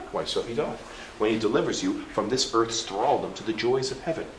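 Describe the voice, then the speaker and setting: A curt, sardonic killer-for-hire mocks his victim, voiced by a man reading solo. The voice is deep and clipped. The room rings with a wide church echo and faint background hum. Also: moderate pace, natural voice. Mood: mocking. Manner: curt, sardonic, mocking laughs. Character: blunt hired male assassin, cold and mocking.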